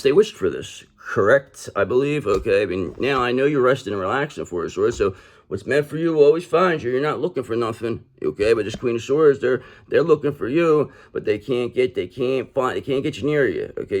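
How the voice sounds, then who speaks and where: A man giving an online tarot reading in a blunt, streetwise style, swearing freely and talking straight to the listener. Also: mid-range voice. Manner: blunt, streetwise and profane, addresses the listener directly. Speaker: tarot reader.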